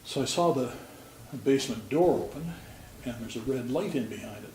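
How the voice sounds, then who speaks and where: A man's voice: mid-range voice, fairly quick, darkish tone. An older man, a retired police officer, telling stories from his career in a plain-spoken, folksy way with dry humor. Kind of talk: storytelling. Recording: roomy sound with faint background noise.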